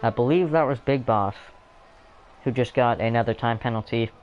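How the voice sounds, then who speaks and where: A man's voice: medium pitch, normal speed, highs cut off, faint music behind. A man casually commentating a sim race, rambling and apologetic, snacking between remarks. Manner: rambling, self-deprecating, talks while eating.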